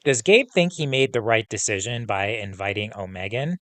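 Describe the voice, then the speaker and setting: A male teacher reading a novel aloud to students, pausing to pose comprehension questions in a steady, instructive way. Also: fairly low pitch, no room sound.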